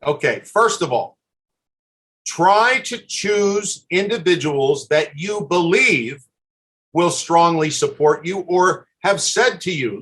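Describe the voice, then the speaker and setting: A man's voice: sits high, animated, slow, a bit bright. Earnest older man giving advice. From USA. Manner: earnest advice with frequent restarts and repeated words. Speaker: admissions consultant giving a webinar. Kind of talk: live webinar talk.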